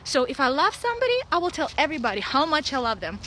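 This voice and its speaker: A woman in her thirties with a Russian accent, talking blunt and excitable in a casual outdoor vlog, laughing often. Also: sits high, fast, slight background noise, low-quality recording. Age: 30s. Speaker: vlogger. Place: outdoors at a dog park.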